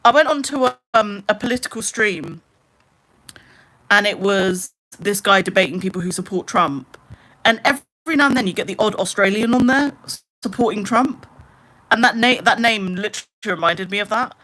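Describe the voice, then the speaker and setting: Young female streamer, bright forceful voice, exasperated ranting, casual chat with viewers. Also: mid-range voice, animated, moderate pace. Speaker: live streamer.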